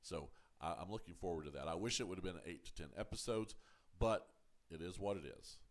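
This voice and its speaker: Very deep-voiced man, halting reviewer. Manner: halting, full of ums and uhs, restarts words; firm and defensive when answering critics. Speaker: show reviewer, channel host. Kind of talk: casual review commentary to camera.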